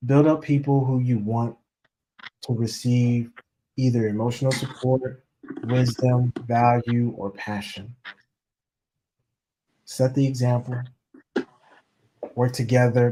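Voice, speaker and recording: A man giving a casual motivational talk as a relationship coach, talking straight to his audience and acting out the voices of people he quotes. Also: medium pitch. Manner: animated, acts out quoted voices, addresses audience as y'all.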